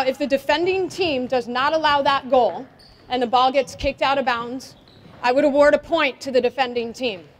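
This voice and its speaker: A woman soccer coach running a drill at a clinic, giving directions and quizzing the players in a lively, energetic way. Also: sits high. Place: indoor gym. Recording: long reverb of a gym hall.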